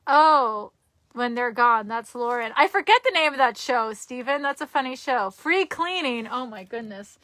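A woman's voice: fairly high pitch, animated, normal speed, fairly bright tone, no room sound. A young woman chatting casually on a live stream from her cluttered bedroom, giggly and rambling, often restarting her sentences. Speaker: vlogger.

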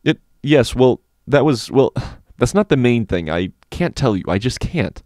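A man's voice: expressive, measured pace, a little mellow, dry recording, studio quality, lightly acted. A man voicing a frightened young schoolboy who pleads and stammers. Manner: pleading, stammering, high-strung.

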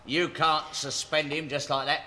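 An actor playing a chummy, cheeky bus conductor in a 1970s sitcom, with a jokey way of talking. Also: male voice, on the high side, little pitch movement, moderate pace, sharp tone, reverberant, in a large hall. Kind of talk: 1970s studio sitcom acting.

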